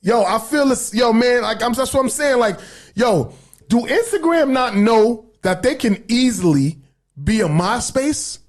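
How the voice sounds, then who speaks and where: High-voiced profane man ranting as a podcast host. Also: expressive, measured pace. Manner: profane, heated, rambling. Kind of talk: casual livestream rant.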